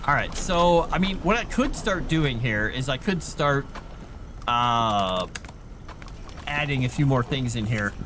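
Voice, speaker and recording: A man's voice: medium pitch, animated, unhurried. A man giving goofy, casual commentary while he streams a game. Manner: goofy, chatty. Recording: noisy background.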